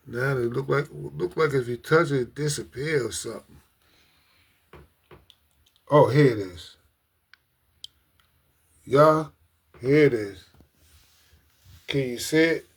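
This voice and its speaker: A man with a medium-pitched voice hosts a casual livestream, speaking earnestly and emotionally to his viewers. He often repeats himself and calls them ladies and gentlemen.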